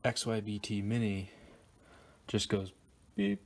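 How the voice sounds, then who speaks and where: Guy doing a casual how-to, low flat voice, lots of um and uh, stops and restarts. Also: a little hiss or hum. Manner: halting, lots of ums and restarts. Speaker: DIY car audio tutorial host. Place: garage workshop.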